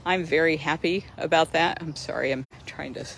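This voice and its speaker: A woman's voice: low voice, normal speed, vocal fry, a bit bright, a little hiss or hum. Chatty woman hosting an outdoor livestream. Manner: chatty and enthusiastic, laughs often. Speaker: host of a sanctuary livestream. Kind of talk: casual live-stream chat.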